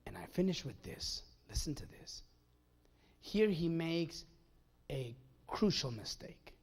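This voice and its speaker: High-voiced, slow-preaching male pastor. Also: sing-song, husky. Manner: swings from hushed near-whisper to loud shouting; preaching with long dramatic pauses. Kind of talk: sermon. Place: church service.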